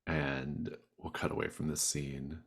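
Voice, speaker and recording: A man running a tabletop role-playing game as game master, casual and halting. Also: rumbling low, level tone, vocal fry, breathy edge.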